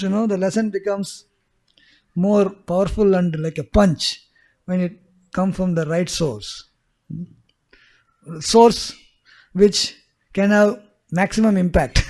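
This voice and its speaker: A male spiritual teacher tells a scripture story to a class. His voice sits high, and he chuckles often. He repeats key phrases for emphasis. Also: darkish tone.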